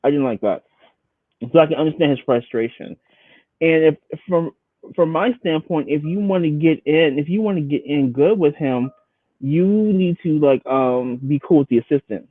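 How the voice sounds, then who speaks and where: A man co-hosting a casual chat about a reality show, animated and acting out the people he talks about. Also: on the high side, normal speed, no room sound. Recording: tinny phone line.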